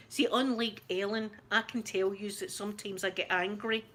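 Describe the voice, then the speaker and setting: A woman's voice: medium pitch, fairly even intonation, unhurried, a bit bright, a little hiss or hum. A woman with a Scottish accent, chatting casually and rambling to her viewers on her channel, laughing often. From Scotland. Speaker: ASMR channel host. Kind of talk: casual live-stream chat.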